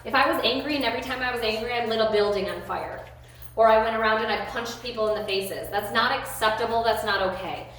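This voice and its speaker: A woman's voice: a little high, fast, fairly bright tone. A woman training her dog on a leash, who mixes short praise like "good boy" with explanations to viewers. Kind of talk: live dog-training commentary. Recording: very echoey with faint noise.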